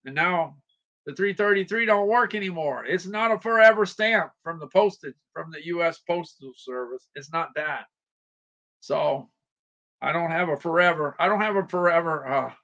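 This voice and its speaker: A man's voice: a little high, normal speed, pushed and bright, muffled recording. A man hosting a casual livestream, rambling, repeating himself and greeting viewers by name. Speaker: livestream shopping host.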